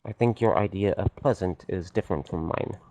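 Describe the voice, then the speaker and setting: A man playing a tabletop role-playing game, speaking slowly with hesitant pauses and dry humor. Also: deep voice, dark tone. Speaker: player. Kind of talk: tabletop role-play chat.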